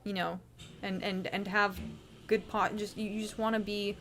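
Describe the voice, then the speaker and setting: A woman's voice: mid-range voice, little pitch movement, moderate pace, a bit bright, a little hiss or hum. A woman hosting a livestream, chatting casually and rambling with swearing and lots of restarts. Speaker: livestream host.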